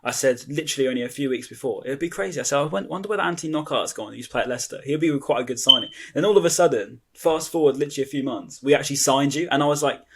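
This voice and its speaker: A man's voice: mid-range voice, racing, few pauses, bright, forceful tone, slightly rough. A male podcast host chatting casually, an enthusiastic fan asking long, rambling questions.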